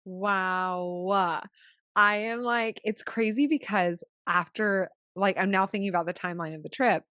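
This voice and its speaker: A woman co-hosting a podcast who tells stories in an animated way, laughing often. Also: mid-range voice, unhurried, no room sound, clean studio sound. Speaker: podcast co-host, retreat leader. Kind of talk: casual chat.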